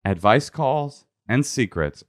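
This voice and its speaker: A man's voice: medium pitch, lively intonation, slow, background noise. A man co-hosting a podcast, chatting casually with a wry, joking manner. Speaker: podcast co-host. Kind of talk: casual comedic chat.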